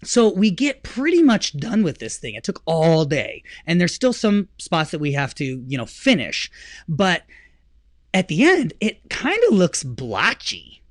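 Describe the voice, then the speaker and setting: A podcast host tells a story in casual chat, animated and at a measured pace. He acts out quotes with big jumps in pitch. The clean studio recording has no echo.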